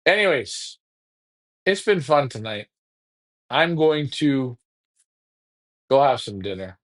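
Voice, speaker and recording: A man hosts a casual live show, his voice sitting at an ordinary middle pitch. He trash-talks in a taunting, repetitive way, circling back to the same jabs. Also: sing-song, slow pace. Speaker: pigeon racing show host. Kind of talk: casual livestream talk.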